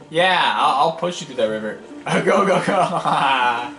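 A man's voice: fairly high pitch, animated, very slow, long pauses, pushed and bright. A man giving casual, rambling gameplay commentary as a let's play host, impatient and wisecracking. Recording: echoey room, game music behind.

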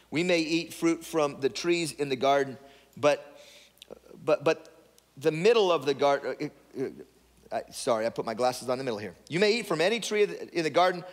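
Male pastor, high voice, loose conversational sermon full of restarts, long church reverb. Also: a bit bright. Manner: repetitive restarts, conversational preaching. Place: church sanctuary.

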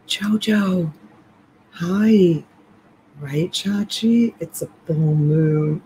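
A woman hosts a late-night live stream from home, talking slowly and easily and greeting her viewers one by one. She keeps her voice hushed, close to a half-whisper. A faint hiss sits under her voice on the desk mic. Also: lowish voice, low-quality recording. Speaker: live-stream reseller host. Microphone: USB desk mic.

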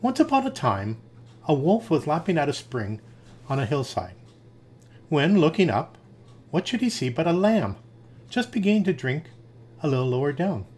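A man reading fables aloud in a lively storytelling manner. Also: a little high, moderate pace, long pauses.

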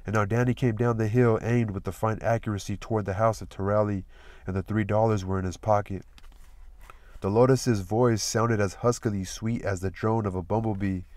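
Reading a novel aloud, this audiobook reader is a man whose voice sits lowish and whose pace stays steady and measured. He was captured in a close, dry recording without any room sound.

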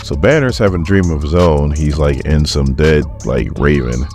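Very deep-voiced man recapping comics. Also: moderate pace, a little mellow, soft background music. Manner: chatty, offhand storytelling with fillers. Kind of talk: casual comic book recap.

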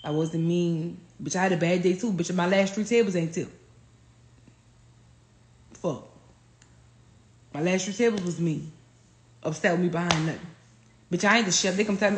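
A woman, telling stories on a phone livestream in a profane, animated way. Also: on the low side, moderate pace, pauses often. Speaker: livestream host. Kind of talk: casual livestream rant. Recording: roomy echo.

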